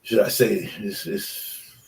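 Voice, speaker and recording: A man's voice: fairly low pitch, expressive, slow pace, vocal fry, a little mellow, distant mic, a little hiss or hum. Rambling older man, slightly off mic. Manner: rambling, many "you know" fillers; emphatic, passionate about commitment. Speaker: guest, former college football player. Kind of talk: casual radio chat.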